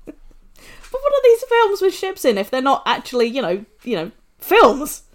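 A woman's voice: sits high, huge pitch swings, measured pace. A woman with an English accent, co-hosting a casual podcast chat, laughing often and firing off questions. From England. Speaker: podcast co-host.

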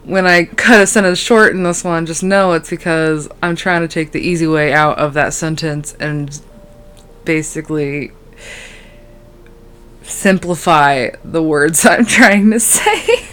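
A woman's voice: low-pitched, unhurried, a bit bright, clear, resonant tone. A sleep-deprived young woman hosting a solo podcast, rambling casually with lots of fillers and trailing sentences. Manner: rambling, scatterbrained, valley-girl fillers. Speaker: podcast host. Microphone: podcast microphone.

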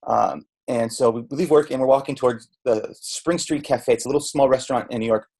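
Fairly quick and mid-range, this middle-aged chef's voice carries vocal fry, a darkish tone, and a breathy edge. A Southern Californian guest on a podcast, he tells his story candidly and ramblingly in a casual interview, with restarts and quoted dialogue, recorded on a podcast microphone.

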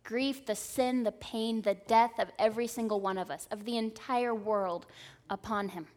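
A woman's voice: a little high, steady tone, moderate pace, darkish tone. A woman in her thirties preaching a sermon in an earnest, conversational way, often checking in with the listeners. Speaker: speaker at a church service.

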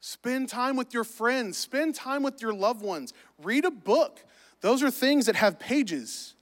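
A man's voice: extremely high pitch, slow, big-room sound. A middle-aged man, preaching a sermon in a church and joking with the congregation. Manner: humorous, animated preaching with asides to the congregation. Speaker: pastor.

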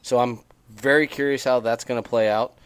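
A man's voice: medium pitch, steady tone, normal speed, smooth, no room sound. Man, podcast co-host, chatty and rambling, dry close sound. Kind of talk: casual podcast chat. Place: on a porch.

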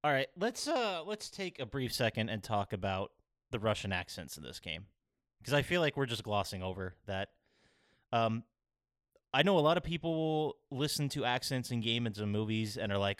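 A man's voice: on the low side, big pitch swings, moderate pace, fairly bright tone, smooth, dry recording, clean studio sound. A man hosting a casual gaming podcast, steering the talk and swearing freely. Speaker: podcast host.

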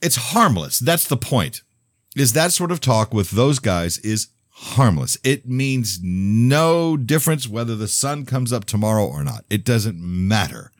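A man's voice: medium pitch, big pitch swings, a little slow, no echo, clean studio sound. A man hosting a radio talk show, musing in a rambling, blunt, opinionated monologue full of restarts and asides. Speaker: radio host. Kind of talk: casual monologue.

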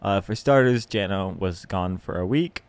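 With a low-sitting voice and a moderate pace, this young podcast host chats casually on his own, rambling and self-deprecating. Fillers and restarts are frequent, and the sound has no echo.

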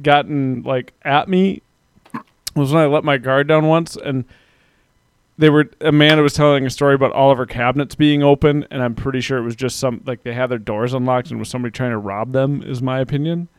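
A man's voice: medium pitch, steady tone, brisk, clear, resonant tone, no echo, studio quality. A man hosting a casual podcast chat, talking loosely and reading out listener comments. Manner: chatty, self-deprecating, reads out listener comments. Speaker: podcast host.

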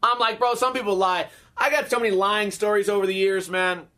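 A man's voice: high-pitched, brisk. A man in his thirties telling casual, profane stories as a podcast host, acting out the people he quotes. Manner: profane, animated, acts out quoted voices. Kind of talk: casual storytelling chat.

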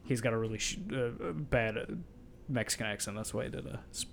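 A man's voice: fairly low pitch, fairly even intonation, fairly quick, gravelly, slight background noise. A man in casual chat, bluntly and sarcastically recapping a movie he disliked, with plenty of swearing.

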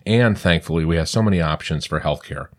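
A man's voice: a bass voice, quick pace. A man in his sixties discussing healthcare quality in an earnest, emphatic way, often repeating his points. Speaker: podcast host on surgery center quality. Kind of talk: conversational discussion.

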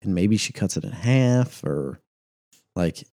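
Low, mellow-voiced American man chatting. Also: animated, takes it slowly, no room sound, studio quality. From United States. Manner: rambling, teasing, laughs a lot. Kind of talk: casual chat.

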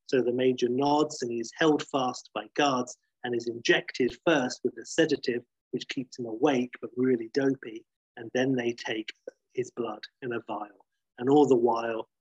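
A man retelling a story at length in a casual, lively way, swearing now and then and acting out the characters' lines. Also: medium pitch, moderate pace, breathy edge, no echo. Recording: dull muffled lo-fi sound.

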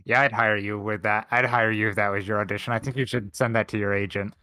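A man's voice: on the low side, level tone, fast, sharp tone, smooth. A man hosting a casual podcast, dryly walking through details from his notes. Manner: dry, nerdy, explains details from notes. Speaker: podcast host. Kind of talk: casual chat.

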